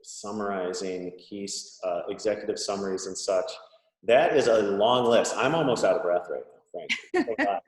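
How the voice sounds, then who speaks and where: Low-voiced male interviewer in an echoey room. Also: expressive, normal speed. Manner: friendly, joking asides, rambling questions. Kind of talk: casual interview. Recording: echoey room with long reverb.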